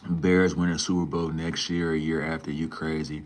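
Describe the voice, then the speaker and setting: Man, young adult, deep low voice, casual, slangy, reads and answers chat. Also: level tone, normal speed, hardly any pauses. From Minnesota. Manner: laid-back slangy banter, says "man" and "bro" a lot. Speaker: livestreamer. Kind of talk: casual livestream chat reading viewer comments.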